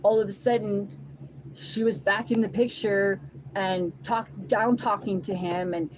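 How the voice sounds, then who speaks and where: A woman's voice: mid-range voice, fairly even intonation, unhurried. A woman telling a personal testimony in an emotional first-person way, blunt and heavily profane. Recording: noisy background.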